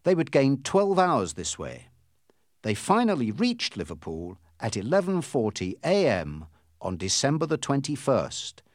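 A man reads a storybook aloud in a clear, deliberate way. His pitch rises and falls widely while the pace stays slow, and the recording is dry and close. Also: no echo. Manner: clear, deliberate reading with lively intonation. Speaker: narrator. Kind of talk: storybook reading.

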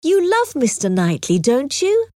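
A woman's voice: high voice, huge pitch swings, a little slow, a little mellow, no echo, studio quality, pitched above the performer's own voice, heavily acted. A woman reading as an earnest young heroine. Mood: coaxing. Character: lively young woman, heartfelt storybook heroine.

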